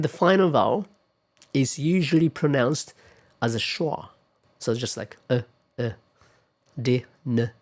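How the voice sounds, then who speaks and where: A man giving a pronunciation lecture, speaking deliberately and repeating example words several times to demonstrate them. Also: a little high.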